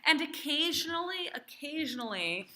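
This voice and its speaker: Bright-voiced woman teaching a class. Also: high voice, sing-song, moderate pace, slight background noise. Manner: chatty, encouraging, quizzing students.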